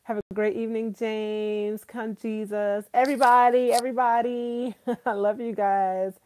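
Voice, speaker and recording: A woman's voice: medium pitch, flat delivery, measured pace, dark tone, slight background noise. A woman hosting a casual livestream, chatting enthusiastically with viewers, calling them y'all and repeating herself for emphasis. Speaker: livestream host.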